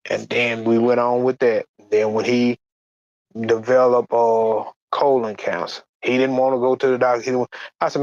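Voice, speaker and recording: Plain-spoken man, halting testimony, lo-fi. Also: medium pitch, little pitch movement, darkish tone, no room sound. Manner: halting, plain-spoken, repeats words and restarts. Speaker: guest sharing a church testimony. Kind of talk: personal testimony.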